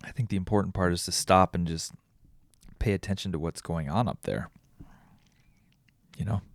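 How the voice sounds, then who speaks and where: A low-voiced, tired man talks at normal speed in a studio-quality recording without echo. Hosting his podcast alone, he reflects casually, rambling and restarting many times as he thinks aloud.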